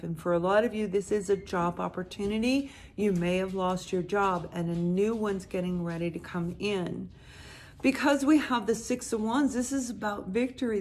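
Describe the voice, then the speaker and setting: A woman giving a chatty tarot reading straight to her viewers, talking lively and directly to them. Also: on the low side. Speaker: tarot reader.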